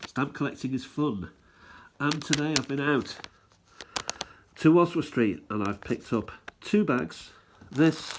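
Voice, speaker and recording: A man's voice: medium pitch, background noise. A man hosting a stamp collecting channel, rambling and thinking aloud as he chats casually through what he's showing. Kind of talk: casual show-and-tell chat.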